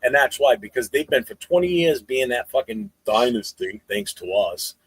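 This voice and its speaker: A man's voice: mid-range voice, normal speed, slightly rough, dry recording, rough recording. A man telling profane fan stories in a casual podcast chat. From New England. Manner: profane storytelling, animated. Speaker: podcast co-host.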